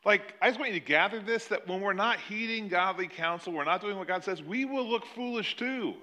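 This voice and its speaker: Bright-voiced animated male preacher. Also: high voice, brisk. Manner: animated storytelling, acting out quoted lines. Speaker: pastor. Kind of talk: sermon.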